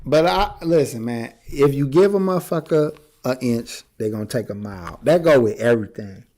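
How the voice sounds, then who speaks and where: Animated, blunt, profane male podcaster. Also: medium pitch, normal speed. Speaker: podcast co-host. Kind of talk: casual chat.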